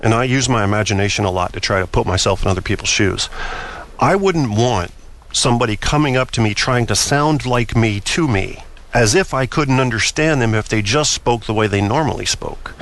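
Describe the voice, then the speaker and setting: A man hosting his own talk show, opinionated and rambling as he thinks aloud. He often stumbles and restarts his sentences, and his voice sits at an ordinary middle pitch. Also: lively intonation, a little fast, a bit bright. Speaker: podcast host. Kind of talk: solo talk-show monologue.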